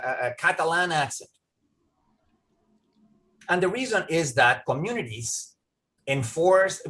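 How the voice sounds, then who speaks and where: A man's voice: medium pitch, a bit bright. A man answering an audience question in a lecture over a video call, talking discursively, repeating words as he starts sentences and often checking in with "right?". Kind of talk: academic Q&A answer.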